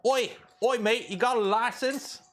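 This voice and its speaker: A man doing a playful fake British lad, higher and bouncy, for a laugh on a stream. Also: sing-song, background noise, exaggerated voice. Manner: jokey, halting put-on British voice. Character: mock-British man, cheery and silly.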